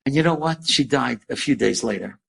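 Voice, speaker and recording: A rabbi telling an inspiring story to listeners, animated and lively, acting out the people in it. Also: male voice, mid-range voice, fairly quick, vocal fry. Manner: animated storyteller who acts out quoted voices.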